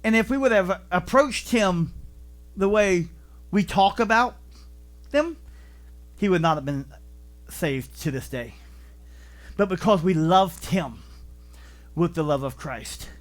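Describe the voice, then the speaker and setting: A man preaching a sermon as pastor in a church, telling stories with animated delivery and acting out voices. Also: sits high, slow, long pauses. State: vertigo, deaf in left ear.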